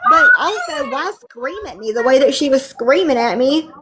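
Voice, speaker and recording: Exasperated high-voiced woman. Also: big pitch swings, moderate pace, heavy background noise. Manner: emphatic, profane, exasperated. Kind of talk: heated casual livestream chat.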